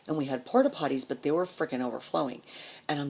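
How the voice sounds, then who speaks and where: A woman's voice: low voice, a little fast, vocal fry, darkish tone, slightly rough. A middle-aged woman telling a personal story in a candid, casual way, swearing freely and dropping to a whisper for her own remembered thoughts.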